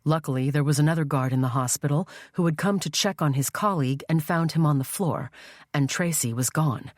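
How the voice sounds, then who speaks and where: A woman reading a first-person thriller audiobook in a measured, tense storytelling voice. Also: sits low, no echo. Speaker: audiobook narrator. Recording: dry studio voice-over.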